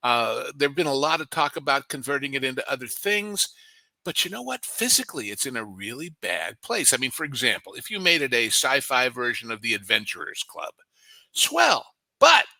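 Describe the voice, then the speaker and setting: Bright, tense-voiced man on a panel. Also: medium pitch, gravelly, dry recording, low-quality recording. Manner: reminiscing, wry, with fillers. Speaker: panel guest. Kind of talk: casual panel chat.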